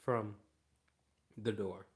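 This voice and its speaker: A man's voice: on the low side, steady tone, drawn-out words. A man working as a dog trainer, explaining training in an emphatic way and repeating key phrases. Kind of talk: instructional explanation.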